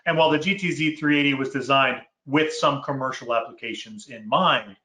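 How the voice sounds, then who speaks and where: Bright-voiced man explaining technical design. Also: medium pitch. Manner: technical, measured explainer with fillers. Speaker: product manager. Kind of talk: casual chat. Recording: roomy echo.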